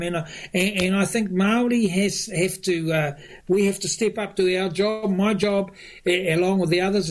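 A New man with a notably high voice, answering as a government minister in a radio interview. He stumbles through restarts and fillers, often breaking into chuckles.

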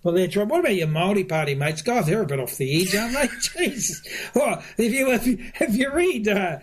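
A man, a government minister answering interview questions, halting with many fillers and restarts and chuckling often. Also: high-pitched, animated, husky. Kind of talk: radio interview guest.

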